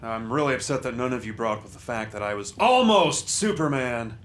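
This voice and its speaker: A man putting on a deadpan impression of a famous actor, joking dryly on a panel show. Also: mid-range voice, fairly quick, slight background noise, close to an everyday voice.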